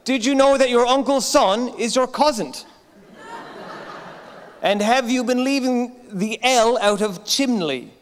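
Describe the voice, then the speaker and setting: Male Newfoundland comic hosting live on stage, high-pitched, chatty, big hall echo. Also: unhurried, a little hiss or hum. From Newfoundland, Canada. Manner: chatty, keeps tagging lines with "right?". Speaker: comedian host of an awards show. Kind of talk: stand-up comedy monologue. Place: large armoury hall at a live event.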